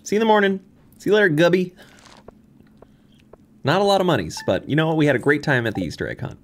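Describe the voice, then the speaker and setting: A man streaming a farming game live, reacting loudly and reading the on-screen text aloud, with frequent laughs and yelps. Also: fairly high pitch, sing-song, fast. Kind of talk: live gameplay commentary.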